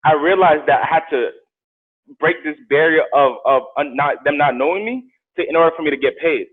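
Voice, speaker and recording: A man's voice: fairly high pitch, brisk. A man guest on a podcast, telling stories in a casual chat and acting out the voices of the people in them. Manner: animated storyteller, acts out quoted voices. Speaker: podcast guest, motivational speaker. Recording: tinny phone-like line.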